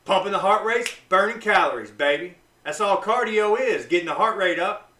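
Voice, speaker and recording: A man vlogging casually to camera, blunt and profane, swinging between loud hype and low, intense talk. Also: expressive, moderate pace, recorded from a distance. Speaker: vlogger on fasting. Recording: echoey room, voice off-mic.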